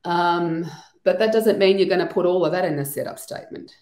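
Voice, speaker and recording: A woman with a somewhat low voice explains her work in a loose, chatty way, often pausing on "you know." She is on a video call. Her sound carries the echo of the room around her. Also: darkish tone. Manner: chatty, thinks aloud with many "you know" asides. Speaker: EFT trainer and trauma practitioner guest. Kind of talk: casual explanatory interview talk. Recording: echoey room.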